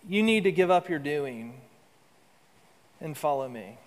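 A man delivers a sermon as pastor, his voice sitting a little high for a man. He swells to emphatic lines, then drops into soft, low asides. The sound carries a long reverb, as from a big hall. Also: expressive, measured pace.

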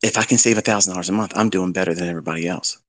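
A man's voice: low voice, fairly even intonation, rapid-fire. A middle-aged man lecturing as a trading mentor, giving blunt fatherly advice with rhetorical questions. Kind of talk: lecture-style talk.

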